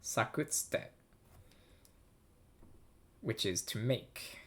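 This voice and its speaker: A man's voice: on the low side, expressive, measured pace, a bit bright. A man casually reading through a text, thinking aloud in a hesitant, self-amused way. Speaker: language learner reading a game aloud.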